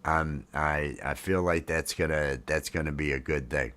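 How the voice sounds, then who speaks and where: A man's voice: very deep voice, steady tone, moderate pace, fairly bright tone. A man in his fifties hosting a casual live stream, rambling with lots of fillers and restarts. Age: 50s. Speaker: livestream host. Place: home, drinking coffee while streaming.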